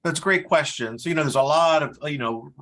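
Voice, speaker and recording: Bright-voiced middle-aged man telling stories. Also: a little high, fast. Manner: animated storyteller, mimics voices in quotes. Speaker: guest, career services dean. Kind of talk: conversational interview.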